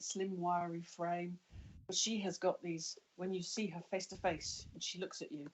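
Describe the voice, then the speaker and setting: Give me a woman with a lowish voice describing her tabletop character in a slow, descriptive way, with faint noise behind. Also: rough recording. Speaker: player.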